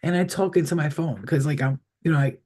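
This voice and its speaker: A man with a somewhat high but mellow, husky voice talks casually with viewers on a live stream. He rambles from one thought to the next and swears freely. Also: fairly even intonation, fast. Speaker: psychic reader, live streamer.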